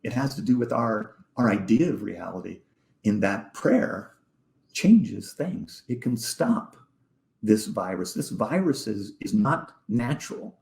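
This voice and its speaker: A man with a low, gravelly voice recounts a deeply personal story as a podcast guest. He speaks haltingly, doubling back on his words and at times sinking almost to a whisper. The sound is roomy and echoey. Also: animated, a little mellow. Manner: halting, repeats words, drops to near-whisper. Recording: echoey room.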